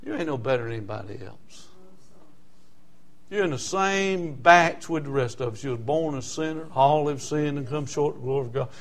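An older man preaching a sermon, emphatic, swinging between loud exclamations and hushed asides. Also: fairly high pitch, moderate pace, creaky.

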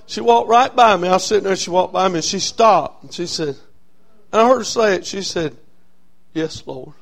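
Man preaching, high-pitched, gravelly voice, storytelling sermon. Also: a little fast. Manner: storytelling, swings from quiet and low to loud and high. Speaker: Baptist pastor.

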